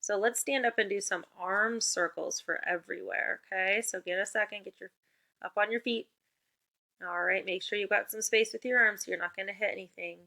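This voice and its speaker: Bright-voiced upbeat woman teaching spelling. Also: medium pitch, steady tone, a little fast. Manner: upbeat, encouraging, clear call-and-response prompts. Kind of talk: remote spelling lesson for young children.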